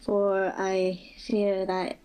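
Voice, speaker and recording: A woman with a British accent, speaking anonymously in a slow, guarded way through a voice changer. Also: medium pitch, monotone, dark tone, clean tone, rough recording. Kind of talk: anonymous testimony in a video.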